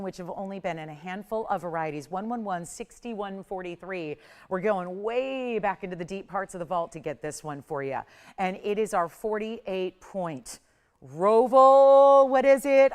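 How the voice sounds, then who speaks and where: A woman's voice: lowish voice, clean tone. A middle-aged woman hosting a live shopping channel, chatty and upbeat as she pushes deals and prices, her voice still recovering. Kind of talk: live home shopping sales pitch. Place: TV studio.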